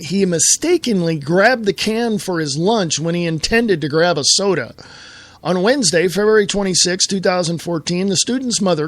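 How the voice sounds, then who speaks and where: An American man with a high, bright-toned voice hosts a talk radio show, delivering a fired-up political rant. The sound is dry and close, with no room echo. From United States. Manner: angry, fired-up ranting, then reading news aloud.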